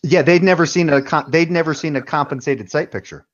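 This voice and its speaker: A man's voice: fairly high pitch, fairly quick, muffled recording. A man, a military veteran, telling rambling stories in casual chat and swearing freely. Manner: rambling storytelling with profanity. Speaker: veteran panelist.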